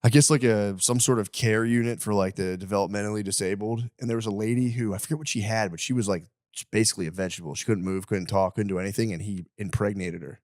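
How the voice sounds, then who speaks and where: A man's voice: on the low side, fairly even intonation, quick pace, darkish tone, no room sound, clean studio sound. A man co-hosting a podcast in casual chat, who laughs often and acts out the people in his stories. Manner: laughs often, acts out quoted voices while retelling.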